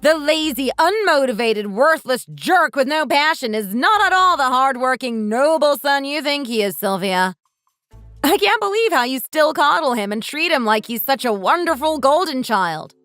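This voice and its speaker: A woman's voice: high voice, animated, normal speed, no room sound, faint music behind. A woman voicing a mocking, defiant young wife. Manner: sharp, mocking, blunt. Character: sarcastic, defiant young wife standing up to her in-law. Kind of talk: texting story voice acting.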